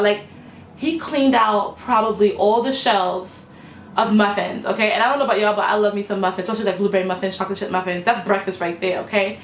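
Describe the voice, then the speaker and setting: A young woman chats through a story time straight to her camera, filling her sentences with "like" and "you know". Her voice sits at an ordinary pitch for a woman. The room is echoey, with a faint hum behind her. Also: fast talker. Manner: animated, lots of "like" and "you know". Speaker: vlogger telling a story time. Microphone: camera mic.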